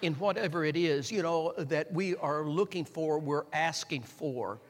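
A man preaching a sermon, repeating phrases and building up to shouts, and calling on the congregation to respond. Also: on the high side, unhurried. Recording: long hall reverb.

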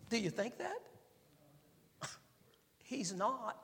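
Male pastor, high voice, emphatic swings from hushed to loud; reverberant hall sound. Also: normal speed, pauses often. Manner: emphatic preaching, dropping low then building to loud exhortation. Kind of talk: sermon.

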